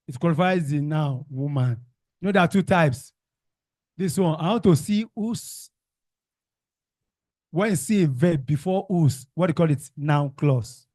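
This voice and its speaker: Male teacher running class drills, questions and repeated answers; slightly high, unhurried, close and dry. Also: dark tone, no echo. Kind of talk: classroom revision lesson.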